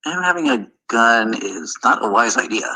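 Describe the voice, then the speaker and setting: Bright-voiced man choosing words carefully. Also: lowish voice, moderate pace, a little hiss or hum, rough recording. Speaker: stream guest.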